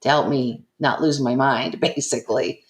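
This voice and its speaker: A woman's voice: a bass voice, steady tone, normal speed. An older woman, an interview guest, earnestly recounting a personal story and acting out the people in it. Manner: earnest, emotional retelling with quoted dialogue. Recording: echoey room.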